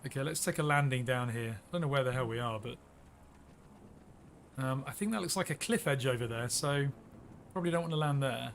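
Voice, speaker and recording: A man's voice: mid-range voice, fairly quick, gravelly, long pauses, a little hiss or hum. An English man hosting a live flight simulator stream, upbeat and chatty, laughing often and coaxing viewers into the chat.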